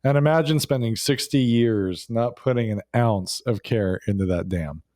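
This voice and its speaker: A man's voice: mid-range voice, normal speed, dark tone, no echo, clean studio sound. A man co-hosting a podcast in casual conversation, reflective and fond of explaining things through analogies. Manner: reflective, uses analogies, joking asides. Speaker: podcast co-host. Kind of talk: casual chat.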